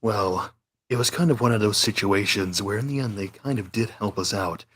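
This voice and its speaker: A man's voice: lowish voice, moderate pace, a bit bright, husky. A man voicing a brooding, stoic male cartoon hedgehog antihero who talks formally and stiffly in a fan role-play Q&A.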